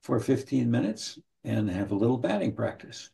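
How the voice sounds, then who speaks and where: A man teaching counseling skills in an online training session, speaking in a measured way, often repeating his first words and briefly acting out what a client and a counselor might say. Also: mid-range voice, very animated, gravelly, mellow. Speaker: trainer teaching motivational interviewing. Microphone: video call.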